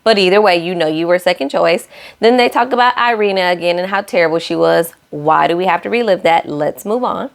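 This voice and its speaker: A young woman gives a casual, sassy reality show recap straight to her viewers, acting out cast lines in shifting voices. She speaks a little fast, in a lowish, creaky voice.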